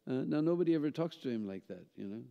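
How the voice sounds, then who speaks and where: A man's voice: medium pitch, animated, fast talker, gravelly. A man tells a story at a seminar, checking in with listeners by asking "hmm?" and "huh?" as he goes. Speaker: seminar speaker. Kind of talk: storytelling lecture. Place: temple hall. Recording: dull sound with long hall reverb.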